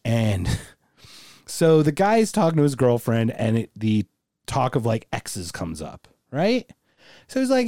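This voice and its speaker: A man's voice: medium pitch, very animated, unhurried, mellow, dry recording, studio quality. A man co-hosting a casual podcast, talking crudely and acting out movie lines. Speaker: podcast co-host. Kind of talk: casual chat.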